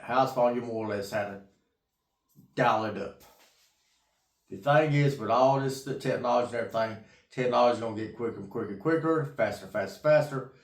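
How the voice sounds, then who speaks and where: Tired, rambling man in an echoey room. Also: mid-range voice. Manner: rambling, folksy, repeats himself, casual swearing. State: tired from getting up at 3 a.m. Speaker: investing vlogger. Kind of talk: rambling casual monologue to camera.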